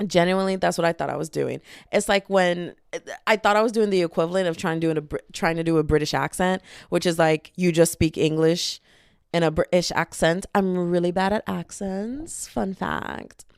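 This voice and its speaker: A woman's voice: lowish voice, normal speed, gravelly, clean tone, no room sound, studio quality. A young woman in her twenties hosting a solo podcast, chatting casually in a rambling, self-deprecating, jokey way into a microphone. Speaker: podcast host.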